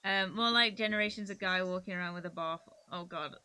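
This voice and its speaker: A woman's voice: on the low side, fairly quick, bright, forceful tone, clear, resonant tone. A woman with a Cornish accent, chatting casually on a gaming live stream, giggling often and rambling.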